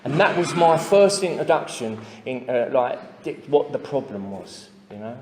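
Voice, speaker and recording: An Englishman shares his recovery story as a personal testimony at a recovery meeting, plain-spoken, with many fillers and asides. His mid-range voice is unhurried and a little mellow, with big pitch swings, set in an echoey hall with long reverb and slight background noise.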